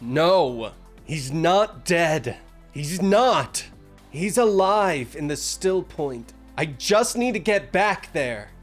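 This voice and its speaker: A man's voice: a little high, animated, slow pace, soft background music, voice pushed up. A man doing a desperate screaming boy. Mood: defiant. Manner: screaming, pleading. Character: desperate teenage boy, grieving and defiant.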